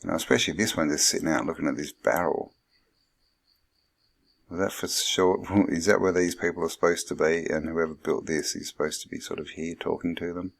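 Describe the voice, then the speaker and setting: A man's voice: low-pitched, fairly even intonation, fairly quick, creaky. A man hosting his channel, rambling through commentary on old photographs and thinking aloud with lots of fillers. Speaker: channel host.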